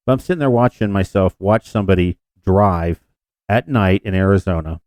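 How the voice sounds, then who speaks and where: A man's voice: deep voice, moderate pace, darkish tone, no echo. A man co-hosting a podcast in casual chat, rambling and self-deprecating with frequent restarts. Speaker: podcast co-host.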